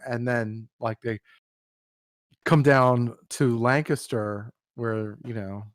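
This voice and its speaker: A man's voice: medium pitch, fairly even intonation, slow, no room sound, clean studio sound. A man chatting on a podcast, rambling with constant "like" fillers and blunt swearing. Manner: rambling, filler-heavy, profane. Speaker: podcast guest. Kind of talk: casual chat.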